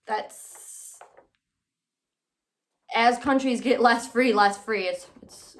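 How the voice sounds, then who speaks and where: A woman hosting her own podcast, giving casual, sarcastic commentary with lively, animated delivery. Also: medium pitch. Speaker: podcast host.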